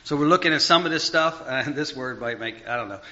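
Bright-voiced rambling male preacher. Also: fairly quick. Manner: rambling, full of fillers and restarts, big swings in pitch and volume. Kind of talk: conversational sermon. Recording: dull lo-fi recording.

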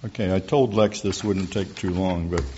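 A middle-aged man with a lowish voice tells his testimony to a church crowd in a folksy, storytelling way. He acts out the voices of the people he quotes. The recording sounds dull and lo-fi. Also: fairly even intonation, normal speed, background noise. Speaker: church speaker giving a testimony. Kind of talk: testimony talk to a church audience.

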